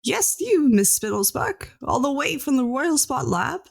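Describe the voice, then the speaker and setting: A woman's voice: high voice, sing-song, measured pace, vocal fry, pitched above the performer's own voice, heavily acted. Woman putting on a huffy old scientist man. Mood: scornful. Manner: snide, scolding. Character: skinny older male scientist, indignant and huffy.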